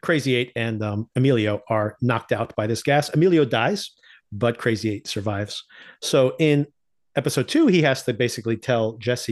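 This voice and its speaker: Podcast host, male, mid-pitched, animated, laughs a lot while recapping; acts out quotes. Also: moderate pace. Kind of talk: casual TV recap chat.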